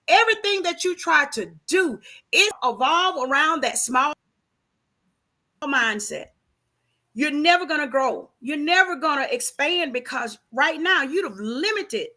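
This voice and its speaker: A woman's voice: high-pitched, big pitch swings, unhurried, pushed and bright. A woman in a casual, faith-based conversation, talking emphatically and preachily with many rhetorical questions.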